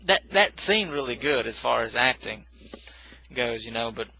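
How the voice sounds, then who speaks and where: A man's voice: medium pitch, lively intonation, normal speed, vocal fry, pushed and bright, a little hiss or hum, low-quality recording. A man casually recapping a film plot in a rambling, self-correcting way, with dismissive asides. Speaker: movie reviewer.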